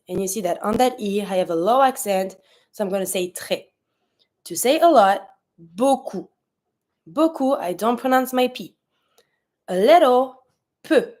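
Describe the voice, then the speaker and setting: A woman with a slightly higher voice teaches an online language lesson. Her first language is French. She explains step by step and patiently repeats each word so learners can practise it. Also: darkish tone. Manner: patient, slow-paced explanation, repeats words for drill.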